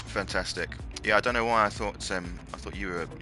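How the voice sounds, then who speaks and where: A man's voice: on the low side, brisk. A man commentating a video game race on his stream, upbeat and chatty, using casual slang. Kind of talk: live racing commentary and casual chat. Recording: game music playing behind the voice. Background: game music.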